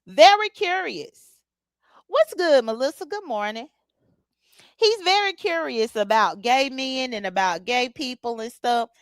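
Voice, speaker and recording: Greeting chat viewers by name and talking bluntly with features, a woman hosts a casual livestream. Her voice sits high and is expressive, at a measured pace, with no room sound.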